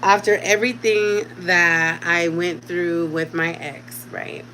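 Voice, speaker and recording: A woman's voice: lowish voice, fairly even intonation, slow, pushed and bright, slight background noise, rough recording. A woman in her thirties, a mother talking casually at home to her channel's viewers, chatty and direct with them. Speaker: vlogger. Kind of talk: casual chat to camera.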